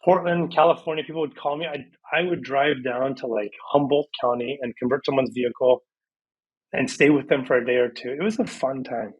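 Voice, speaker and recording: Husky-voiced man telling his story. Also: mid-range voice, a little fast, highs cut off. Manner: lively storyteller who acts out conversations. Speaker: podcast guest. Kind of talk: casual storytelling interview.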